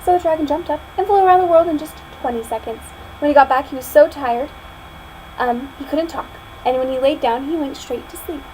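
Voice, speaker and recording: A young woman student reads a picture book aloud in a high, fairly quick voice, telling the story expressively before chatting casually about it. The recording is rough, with a little hiss or hum.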